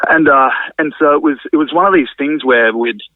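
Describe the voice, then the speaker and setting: A man's voice: on the high side, a little fast, no room sound. A man, a drummer and venue owner, chatting casually as a podcast guest, rambling and swearing freely. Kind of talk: casual conversational interview. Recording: narrow phone-like sound, dry.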